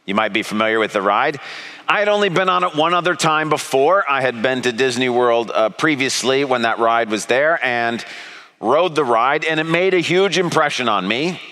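Bright-voiced man telling a sermon story. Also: mid-range voice, normal speed. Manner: animated storyteller acting out his own panic.

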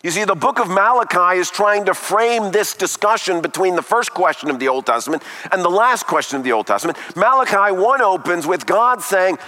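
High bright preaching man in a hall. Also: lively intonation. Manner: emphatic preaching with dramatic pauses and rhetorical questions. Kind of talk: sermon.

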